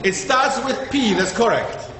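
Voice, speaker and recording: A man with a high voice teaches a group in a community hall, tossing out questions and checking that listeners follow. The sound is very echoey, like a large room heard through a long reverb, with a little faint noise underneath. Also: unhurried, crowd noise. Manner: quizzes the audience, checks with "okay?". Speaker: lecturer. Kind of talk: interactive classroom talk.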